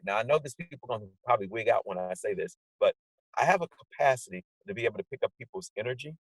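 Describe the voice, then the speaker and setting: A man tells stories with lively energy, acting out little conversations with himself. His voice has a husky grain, and the sound is dry and close, with no room around it. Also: lowish voice, no room sound, poor audio. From Portland area, USA. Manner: animated storyteller, acts out his own inner dialogue. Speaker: guest. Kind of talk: casual conversation over video call. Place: indoors at home, sunny day. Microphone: video call setup.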